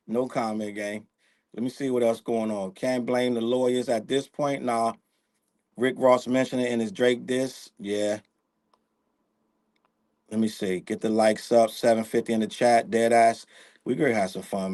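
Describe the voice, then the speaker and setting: A man's voice: medium pitch, a little mellow. A young man hosting a casual livestream, talking in loose slang, rambling, laughing often and reading out the chat. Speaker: livestream host.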